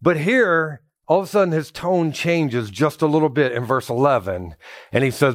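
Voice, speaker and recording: A man preaching a sermon in a church, with a fairly high voice. He tells personal stories with jokes and an animated delivery, often calling out to the congregation. The sound is dry, with little room echo. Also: moderate pace. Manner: joking, animated storytelling with congregation call-outs. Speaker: pastor.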